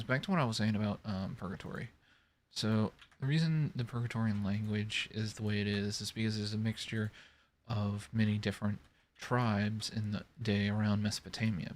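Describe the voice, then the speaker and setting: A man's voice: fairly low pitch, steady tone, brisk, a little hiss or hum. A man chatting casually to himself while playing a building game, rambling and talking through each step as he works. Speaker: gaming video creator. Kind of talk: casual gameplay commentary.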